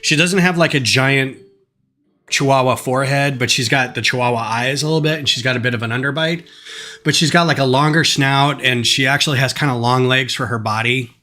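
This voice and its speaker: Over faint background music, a man live-streams himself assembling a kit at home, talking loosely and rambling with plenty of fillers. He speaks fairly quickly, with a medium pitch and a sharp tone.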